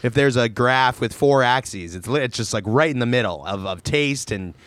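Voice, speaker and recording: A man's voice: medium pitch, moderate pace, a bit bright, no room sound. A man co-hosting a podcast, laughing often and riffing in long, meandering jokes. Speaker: podcast co-host. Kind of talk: casual comedic chat.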